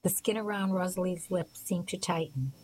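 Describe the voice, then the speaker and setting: A woman narrating a novel as an audiobook, in a soft, quiet voice that sometimes drops to a whisper. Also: lowish voice, normal speed, slight background noise, poor audio.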